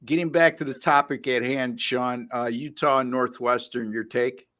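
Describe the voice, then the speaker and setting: Male podcast host, mid-pitched, wry chatty banter between picks. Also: steady tone, normal speed, fairly bright tone. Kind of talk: casual sports podcast chat.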